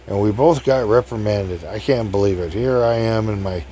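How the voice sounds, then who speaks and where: A man's voice: fairly low pitch, moderate pace, warm tone, a little hiss or hum. A man in his fifties telling a casual anecdote in a chatty, jokey way, laughing at his own stories. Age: 50s.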